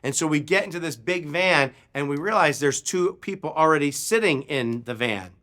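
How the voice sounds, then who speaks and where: Pastor guy telling a story in his sermon, bright punchy voice, gets really animated. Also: a little high, moderate pace.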